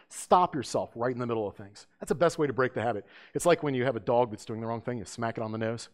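A man's voice: medium pitch, fast talker, few pauses. A man preaching an emphatic sermon as pastor, asking his listeners rhetorical questions.

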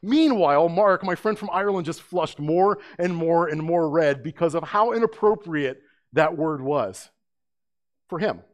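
A middle-aged man preaching a sermon, conversational and storytelling, full of rhetorical questions. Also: a little slow. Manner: hushed and low during prayer. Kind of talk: sermon with opening prayer.

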